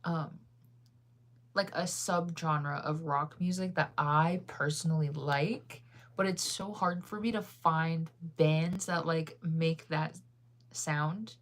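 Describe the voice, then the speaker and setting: A woman's voice: sits low, fairly even intonation, takes it slowly. Chatty young woman livestreaming. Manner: chatty, laughs often, reads chat aloud. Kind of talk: casual chat reading viewer comments.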